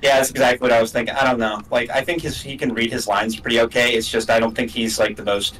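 A man's voice: medium pitch, fairly even intonation, quick pace, a crowd in the background. A young man co-hosting a let's play, chatting casually and rambling with lots of fillers and emphatic asides. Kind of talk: casual gaming chat. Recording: voice a bit far from the mic.

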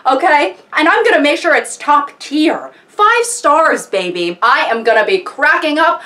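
A woman hosting comedic commentary, animated and mock-outraged. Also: high-pitched, unhurried, few pauses. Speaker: video host.

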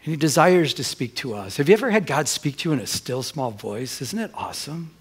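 Pastor guy preaching in church, kinda high voice, keeps asking the crowd questions, loud then quiet. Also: sing-song, brisk, husky. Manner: asks the congregation rhetorical questions; swings between loud and hushed. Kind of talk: sermon. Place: church during a Sunday service.

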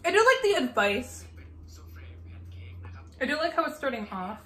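A young woman hosting a casual reaction video, excitable and gushing, swearing freely and breaking into squeals. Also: high voice, normal speed. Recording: echoey room with faint noise.

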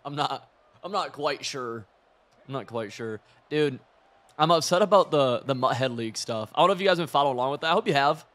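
A young man giving loose, excitable commentary while playing a football video game, chatty and profane, laughing often. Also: medium pitch, a little fast. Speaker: gaming streamer. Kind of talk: live gameplay commentary.

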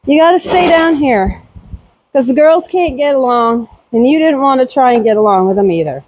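A woman talking casually while doing farm chores outdoors around a barn, cooing at her animals in a high baby-talk voice. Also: expressive, normal speed, darkish tone, dry recording, poor audio. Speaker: homesteader vlogger. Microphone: handheld camera.

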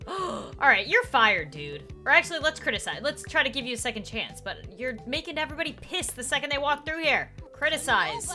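A woman hosting a let's play, commenting in an excitable, playful way with quick reactions. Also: high-pitched. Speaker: gaming channel host. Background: faint game music.

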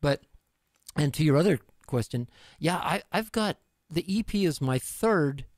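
A man's voice: fairly high pitch, expressive, a little slow, no room sound, clean studio sound. A middle-aged man from Canada, a musician guest chatting casually in an interview, rambling and self-deprecating. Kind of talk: casual live-stream interview.

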